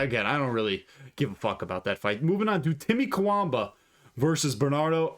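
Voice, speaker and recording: Guy doing a casual fight breakdown, swears a lot, restarts sentences, mid-pitched voice. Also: a bit bright. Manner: blunt and profane, frequent asides and restarts. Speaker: fight analyst.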